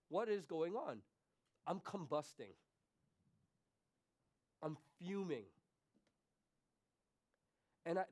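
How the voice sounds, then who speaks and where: Guy pastor preaching in church, kinda high voice, goes quiet then loud and pushy on the questions. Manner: swings from hushed confession to raised emphatic questions. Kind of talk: sermon.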